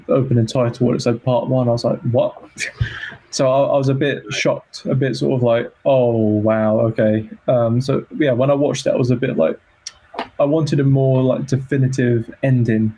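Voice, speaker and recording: A man's voice: mid-range voice, fairly even intonation, a little fast, dark tone, rough recording. A young man guesting on a film podcast, laid-back and peppering his talk with "like". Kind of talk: casual film review chat.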